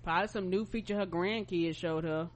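A man chatting on a podcast, tossing in quick wisecracking asides. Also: sits high. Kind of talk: casual comedic chat.

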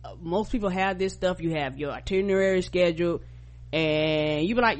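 A man co-hosting a casual chat, calmly giving his opinion. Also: high-pitched, fast. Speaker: co-host.

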